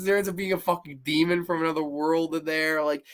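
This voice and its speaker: A man hosting a live-streamed horror show, chatting casually, rambling, animated, and swearing freely. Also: on the high side, brisk.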